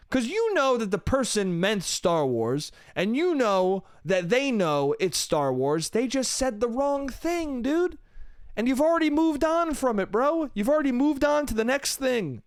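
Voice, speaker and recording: Solo podcast host, young man, high bright voice, dry close sound, swearing exasperated rant. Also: expressive, moderate pace, dry recording. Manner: profane, exasperated, mimics others mid-story.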